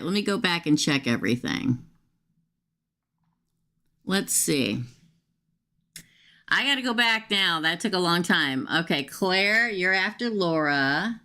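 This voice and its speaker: A woman's voice: deep voice, fairly bright tone. A woman reads tarot cards live for her viewers. She talks in a loose, chatty way, muttering to herself as she pulls cards and calling out names in the queue. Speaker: tarot reader. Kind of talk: live-stream tarot reading.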